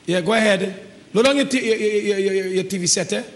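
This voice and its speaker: A man's voice: high-pitched, fairly quick, a little hiss or hum. A man with a Trinidadian accent hosting a live call-in talk show, encouraging and repeating himself. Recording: reverberant studio sound.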